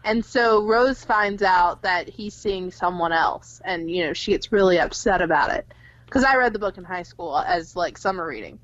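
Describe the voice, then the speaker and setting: A young woman co-hosting a casual podcast about a film, animated and swearing freely. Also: on the low side, moderate pace, dry recording, lo-fi sound. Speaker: podcast co-host.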